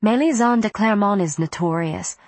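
A woman voicing a caring older woman, a witch, in a warm and comforting tone. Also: medium pitch, moderate pace, no room sound, pitched above the performer's own voice, lightly acted. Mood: warm, urgent.

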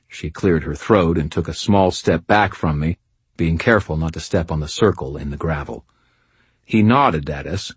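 A very deep, husky male voice reads first-person fantasy narration with a wry, measured delivery. The recording is close and bone-dry, with no room sound. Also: no room sound. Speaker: audiobook narrator.

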